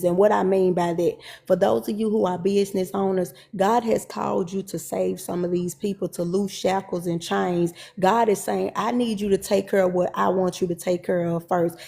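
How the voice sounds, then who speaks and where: A woman's voice: mid-range voice, vocal fry, warm tone. A woman telling a personal story to her viewers in a casual, conversational way. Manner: conversational, Southern Black vernacular, addresses viewers as y'all. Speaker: storyteller and minister.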